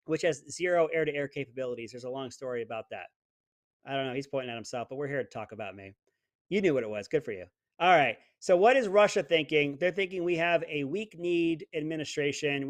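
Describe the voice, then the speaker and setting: Host, middle-aged man, sarcastic ribbing tone, a bit high-pitched, dry room. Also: dry recording. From United States. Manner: sarcastic, joking, ribs listeners. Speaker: show host. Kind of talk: casual political commentary.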